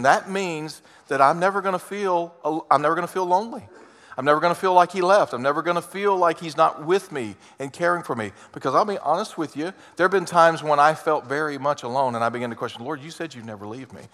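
A man's voice: a little high, fairly quick. Earnest male pastor in a reverberant hall. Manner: earnest, swings between loud emphasis and quiet intimate asides. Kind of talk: sermon.

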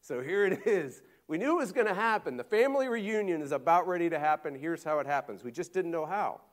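A male pastor preaching conversationally, acting out Bible voices with lively emphasis. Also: fairly high pitch, fairly quick. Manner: animated, conversational, acts out quotes. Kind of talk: sermon.

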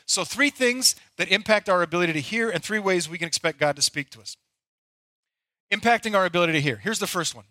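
A man's voice: sits high, sharp tone, no room sound. A middle-aged male pastor delivering a conversational, storytelling sermon.

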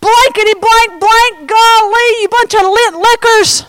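A woman's voice: very high voice, steady tone, unhurried, fairly bright tone, pitched above the performer's own voice. A woman voicing Peter as a flustered adult male fisherman, swearing indignantly that he doesn't know anyone. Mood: flustered denial.

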